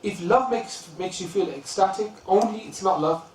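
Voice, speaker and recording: A man's voice: high voice, a little hiss or hum. Storytelling male teacher in an echoey room. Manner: storytelling, chants lines of verse quickly. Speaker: religious teacher. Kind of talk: lecture on classical poetry. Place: lesson room. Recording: roomy, distant mic, faint ambience.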